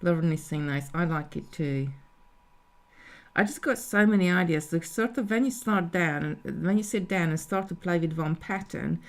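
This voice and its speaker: A woman's voice: low-pitched, normal speed, hardly any pauses. A woman talking through a live beading tutorial step by step, thinking aloud as she works. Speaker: jewellery designer teaching beading.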